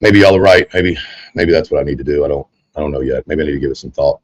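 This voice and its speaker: A man's voice: a bass voice, fast talker, no echo. A man streaming online, chatting at length to his viewers in a rambling, casual way. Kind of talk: casual livestream monologue.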